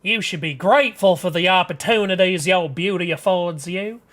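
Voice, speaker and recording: A man's voice: high voice, moderate pace. A man voicing a stern, grumpy mother goddess with an American Southern accent, bossy and scolding. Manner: scolding, bossy, shouting at times.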